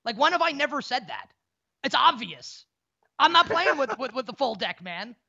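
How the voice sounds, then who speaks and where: A man in his thirties talking in casual sports-betting banter, in a rapid, profane, stammering rant. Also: extremely high pitch, sing-song, vocal fry, sharp tone. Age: 30s. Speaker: co-host. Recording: dull lo-fi audio.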